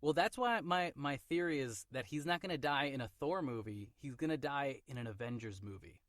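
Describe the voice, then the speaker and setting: A man hosting a casual movie review podcast, animated and quick to float theories. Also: mid-range voice, no room sound, clean studio sound. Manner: animated, theorizing, laughs often. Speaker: podcast host.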